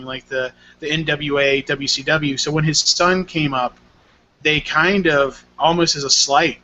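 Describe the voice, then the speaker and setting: A man's voice: fairly high pitch, bright, forceful tone, slight background noise. A man co-hosting a casual podcast chat, explaining things at length in a knowledgeable way. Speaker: podcast co-host. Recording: dull lo-fi podcast audio.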